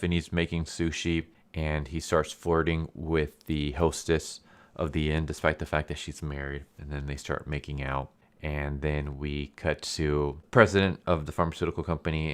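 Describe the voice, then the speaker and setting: A man with a deep, smooth, clear voice recaps a movie plot for his review channel. He rambles casually with plenty of fillers and restarts. His tone stays amused throughout. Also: a bit bright.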